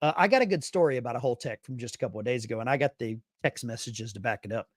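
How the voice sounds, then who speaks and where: A man's voice: mid-range voice, racing, no echo, clean studio sound. A man hosting a casual live stream, reading chat messages aloud with bursts of enthusiasm. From Arkansas.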